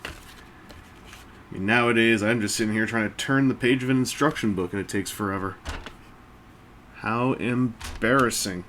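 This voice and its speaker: A man's voice: on the low side, unhurried, long pauses, a bit bright, a little hiss or hum. A man casually chatting while he builds a brick set, rambling along with self-mocking jokes and asides. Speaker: toy-building video host. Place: indoors at a table.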